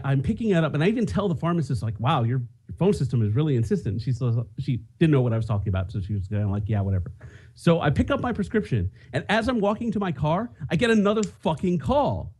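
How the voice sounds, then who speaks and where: A man's voice: a little high, big pitch swings, fast talker, a little mellow, slightly rough. A man co-hosting a podcast, telling a self-mocking story in casual chat. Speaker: podcast co-host.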